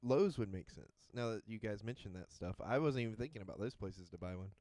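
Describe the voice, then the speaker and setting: A man's voice: fairly low pitch, animated, fast talker, dark tone, dry recording, clean studio sound. A man hosting a casual podcast chat, teasing his co-hosts with a loose, swearing banter. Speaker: podcast host.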